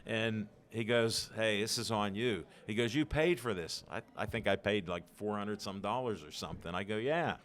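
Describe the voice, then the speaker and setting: This storytelling interview features an older podcast guest from Pittsburgh who acts out dialogue as he animatedly recounts stories. His lowish, somewhat bright voice moves at normal speed with hardly any pauses.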